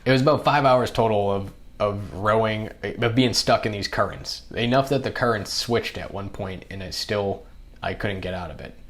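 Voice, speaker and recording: Low-voiced young man telling a story. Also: moderate pace. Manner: animated, acts out other people's lines in the telling. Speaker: podcast guest. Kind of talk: casual storytelling.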